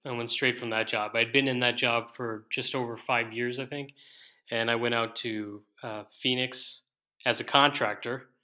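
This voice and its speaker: Bright-toned easygoing Irish man. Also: mid-range voice, steady tone, moderate pace. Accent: slightly American-sounding Irish. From Ireland, born in New York. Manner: easygoing, laughs often. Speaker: podcast guest, IT professional. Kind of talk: casual interview chat.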